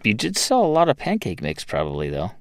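A man's voice: fairly low pitch, wildly swooping pitch, brisk, no echo, clean studio sound. A man hosting an interview podcast, asking probing questions and teasing the next segment. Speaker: podcast host. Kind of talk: interviewer with scripted segment tease.

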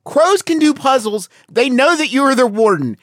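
A man co-hosting a comedy podcast, delivering animated mock-serious rants in casual banter. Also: very high voice, moderate pace, no room sound, studio quality. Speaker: podcast co-host.

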